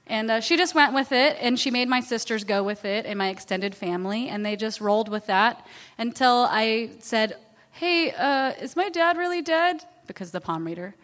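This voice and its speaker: Chatty woman telling a story, slightly high. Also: normal speed, fairly bright tone, big-room sound. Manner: chatty, self-deprecating, laughs often. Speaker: interview guest, author. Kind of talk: candid personal storytelling.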